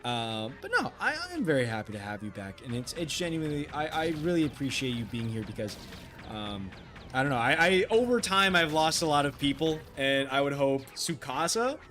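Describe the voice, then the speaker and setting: Medium-pitched with big swings in intonation, a brisk pace and a fairly bright tone, a man streams live and reads viewer messages aloud. His talk meanders with fillers, frequent apologies and offhand swearing.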